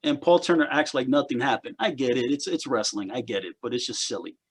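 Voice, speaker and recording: A man's voice: medium pitch, fast, husky. A man co-hosting a casual wrestling chat podcast, rambling and repeating words as he picks apart what he watched. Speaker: podcast co-host.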